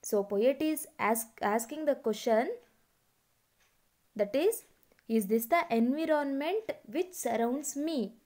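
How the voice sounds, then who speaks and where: High-voiced woman teaching a poem slowly. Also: darkish tone. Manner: slow, deliberate word-by-word explaining. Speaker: English teacher. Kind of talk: classroom lesson explaining a poem.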